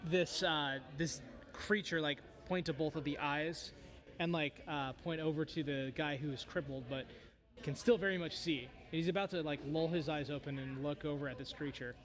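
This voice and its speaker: A man's voice: fairly high pitch, fairly even intonation, normal speed. A man running a tabletop game as game master, narrating loosely with many fillers.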